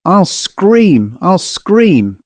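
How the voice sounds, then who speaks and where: A man voicing a timid nine-year-old boy who is afraid of the dark, pleading in a tense child's voice. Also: high voice, big pitch swings, very slow, dry recording, pitched above the performer's own voice, heavily acted. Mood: desperate.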